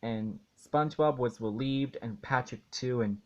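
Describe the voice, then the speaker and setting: A man reviewing a cartoon episode in an indignant rant, halting and restarting as he talks. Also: medium pitch, lo-fi sound. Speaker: video reviewer.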